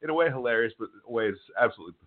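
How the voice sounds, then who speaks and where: A man's voice: mid-range voice, expressive, very fast. A man hosting a casual political talk radio show, sounding nasal from a head cold, talking in a loose, scoffing way. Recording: tinny phone-like line.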